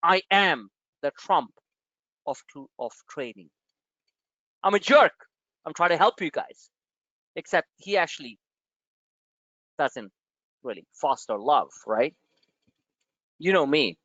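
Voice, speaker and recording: A man's voice: on the high side, expressive, takes it slowly, pauses often, sharp tone, no room sound. New guy ranting at his trading class, swears a lot, voice swings up and down, muffled dry audio. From New York. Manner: frustrated, blunt, profane, lecturing. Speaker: trading webinar host. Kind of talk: live webinar rant. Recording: dull dry lo-fi webinar audio.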